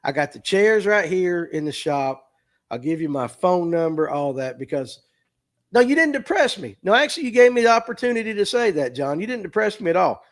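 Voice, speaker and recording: Very animated and high-pitched, a middle-aged Southern tackle shop owner talks a little fast on his livestream. He's earnest and emotional, repeating himself and on the edge of tears, in a heartfelt, casual way over a streaming mic.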